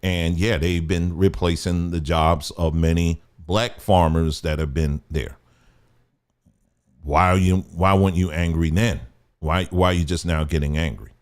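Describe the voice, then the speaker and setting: A man's voice: low-pitched, fairly even intonation, unhurried, clean tone. A man hosting a livestream, talking emphatically, repeating his points and asking rhetorical questions. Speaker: livestream host. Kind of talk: livestream commentary.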